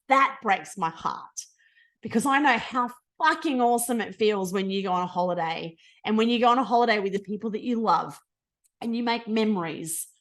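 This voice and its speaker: A woman's voice: mid-range voice, a bit bright. Bubbly Australian woman, effusive pep talk. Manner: bubbly, effusive, casual with swearing; speeds up and slows down a lot. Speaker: team leader presenting a business call. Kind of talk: motivational team call.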